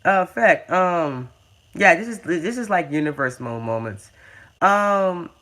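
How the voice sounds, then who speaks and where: Stammering young man, excited. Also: sits high, slow. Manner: stammering, repeats words, says dude and man a lot. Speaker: gaming video host. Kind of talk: casual game commentary.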